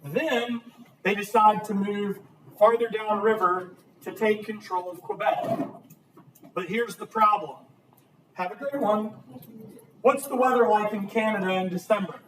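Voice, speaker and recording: A man teaching history speaks a little slowly in a high voice, lecturing with liveliness and questioning the class. The recording is roomy and distant, carrying a little hiss or hum.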